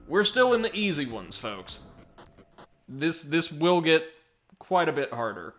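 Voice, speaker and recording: A man's voice: on the high side, unhurried, faint music behind. A man hosting a let's play, chatting casually and reacting to viewers while he plays, often correcting himself mid-sentence. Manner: chatty, self-correcting, excitable. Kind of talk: casual gameplay commentary with chat reading.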